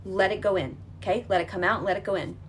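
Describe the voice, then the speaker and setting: A woman guides listeners through a healing exercise at a mid-range pitch. She coaches emphatically, repeating her points, reassuring and direct. A faint hiss of noise sits under her voice. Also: fairly even intonation, quick pace.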